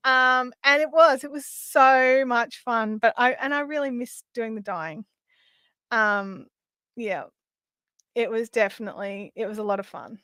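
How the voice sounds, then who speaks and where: A middle-aged Australian woman hosting a live craft stream, chatting casually and telling stories as she works, often trailing off into quiet asides. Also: a little high, measured pace, clear, resonant tone, dry recording. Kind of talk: casual chat while crafting.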